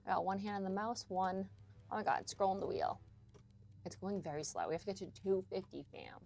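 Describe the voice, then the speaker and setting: Her voice sits at a medium pitch, a little mellow, with vocal fry, and she talks fairly quickly. The young adult woman is live-streaming a game, chatting casually with viewers and cursing often while she tackles a puzzle.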